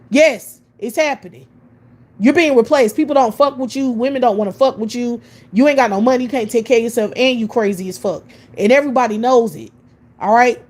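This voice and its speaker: A woman from the United States, her voice sitting a little high, rants with open scorn. She swears constantly and fires off rhetorical questions one after another. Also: darkish tone. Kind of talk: profane ranting monologue.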